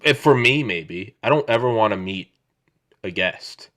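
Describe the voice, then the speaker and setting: A man's voice: on the low side, unhurried. A man in his thirties hosting a podcast, chatting casually over a video call on his own microphone, rambling and swearing as he tells stories. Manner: rambling, profane, animated storytelling. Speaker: podcast host. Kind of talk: casual chat.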